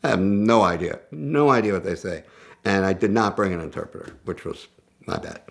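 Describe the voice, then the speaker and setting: Man with a low, gravelly voice for a casual, animated storytelling piece. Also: brisk. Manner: animated, conversational, self-interrupting. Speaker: guest storyteller.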